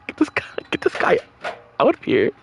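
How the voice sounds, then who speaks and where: A man playing through a game and reacting to it in casual commentary, with exasperated, profane rants and stumbling restarts. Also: a little hiss or hum. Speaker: gamer reading and reacting to game dialogue.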